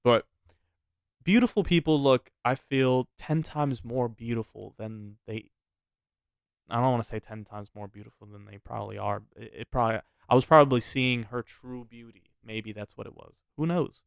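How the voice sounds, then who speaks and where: A man telling a personal story in a casual, animated way, swearing freely and often restarting his sentences. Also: mid-range voice, normal speed, creaky, smooth, no echo, clean studio sound.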